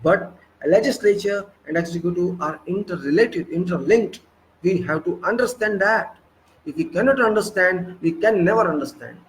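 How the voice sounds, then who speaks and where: A man's voice: sits high, moderate pace, slight background noise, poor audio. A man with an Indian English accent giving an impassioned lecture, scolding and firing rhetorical questions at his listeners. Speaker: political speaker.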